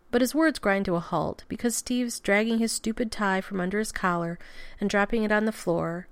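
A woman narrating a story aloud in an intimate, expressive reading. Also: medium pitch, normal speed, smooth, dry recording. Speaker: audiobook reader.

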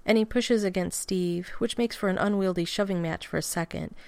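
A woman narrating a fan fiction story aloud at a steady pace with casual swearing. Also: medium pitch, a little fast, gravelly, dry recording.

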